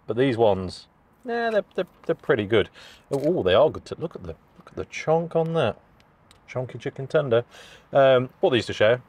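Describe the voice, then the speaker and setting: A man's voice: medium pitch, sing-song, normal speed, a little mellow. A man talks casually to his camera from inside a parked van. His delivery is chatty and jokey, with a self-deprecating edge, and the camera mic picks up the close sound of the vehicle. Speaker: food and travel vlogger.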